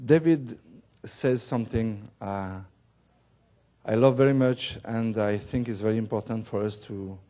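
Male missionary pastor, slow delivery, mellow tone, halting sermon with gentle humor. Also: fairly low pitch. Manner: halting, with many restarts and fillers. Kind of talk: sermon with light joking. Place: church service.

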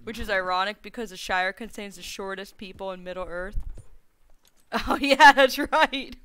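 A woman's voice: mid-range voice, moderate pace, fairly bright tone, smooth. A woman streamer giving live gameplay commentary, thinking aloud and rambling to herself with playful folksy slang.

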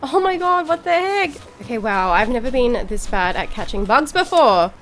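A young woman giving casual let's-play commentary, chatty and excitable, cheerfully swearing at the game. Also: on the high side, normal speed, slight background noise. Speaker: gaming video creator.

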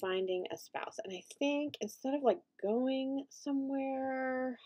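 A young woman giving chatty gameplay commentary as a let's play host, reacting loudly and laughing often. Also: high voice, a little slow.

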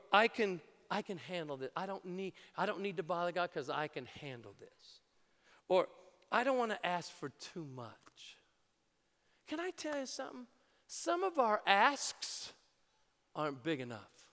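A man preaching a sermon as pastor in a large church, energetic and jokey, building to shouts. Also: high voice. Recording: reverberant church hall.

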